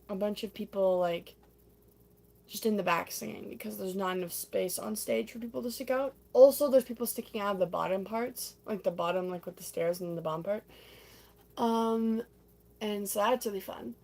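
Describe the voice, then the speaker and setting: A woman's voice: medium pitch, steady tone, normal speed, a little mellow. A young woman livestreaming, casually chatting and acting out scenes from a stage musical, breaking into sung snippets.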